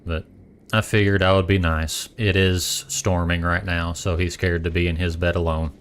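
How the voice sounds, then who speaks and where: A man's voice: low voice, flat delivery, normal speed, slight background noise. A man with a Boston accent chatting casually on a stream, rambling and correcting himself as he goes. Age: adult parent.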